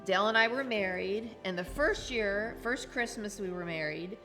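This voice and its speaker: A woman's voice: medium pitch, moderate pace, over music. A middle-aged woman telling personal stories as a guest in a casual chat, often laughing as she talks. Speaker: interview guest. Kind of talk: casual storytelling.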